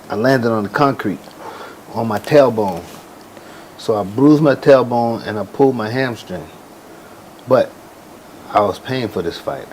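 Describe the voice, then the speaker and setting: A man in his forties, a boxer and ring announcer, telling stories in a casual interview with relaxed slang. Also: lowish voice, a little hiss or hum, poor audio. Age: 40s.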